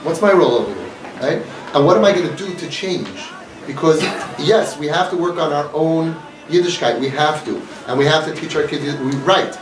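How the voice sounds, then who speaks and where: Earnest guy preaching to a crowd, highish voice, echoey room, mic pretty far away. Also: animated, normal speed, background noise. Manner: earnest, repetitive, emphatic. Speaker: inspirational speaker. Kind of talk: impassioned talk to an audience.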